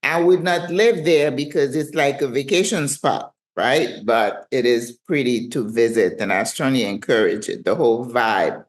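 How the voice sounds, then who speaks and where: A woman's voice: very deep voice, normal speed, few pauses. A woman in her sixties with a French accent, telling a travel story to camera from her living room in a chatty, self-teasing way. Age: 60s. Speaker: retirement travel vlogger.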